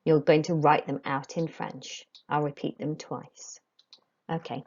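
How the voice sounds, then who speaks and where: Woman language teacher, unhurried and careful, slightly muffled lo-fi sound. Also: sits low, flat delivery, darkish tone. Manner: slow, deliberate dictation of French phrases with English explanations. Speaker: French teacher. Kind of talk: recorded classroom lesson.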